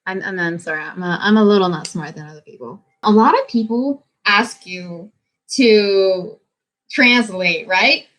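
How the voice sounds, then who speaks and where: A woman's voice: mid-range voice, measured pace, fairly bright tone, rough recording. A young woman from the United States with an American accent, hosting a casual livestream and switching between English and Japanese in a bubbly way. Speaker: livestream host.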